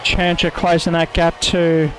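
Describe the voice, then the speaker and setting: A man with a high, fairly even voice calls a sim race live, running through the corners lap by lap and tracking gaps and penalties. He jokes about his bad Italian pronunciation. A faint hiss of noise sits under his voice. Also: measured pace. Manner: narrates corners with self-mocking attempts at an Italian accent. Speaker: race commentator. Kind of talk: sim racing commentary.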